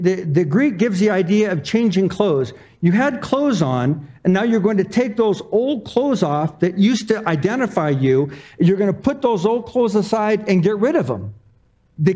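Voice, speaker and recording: High-voiced man preaching casually. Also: mellow. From Arizona. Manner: conversational, self-deprecating storytelling. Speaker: pastor. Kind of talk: sermon with personal stories.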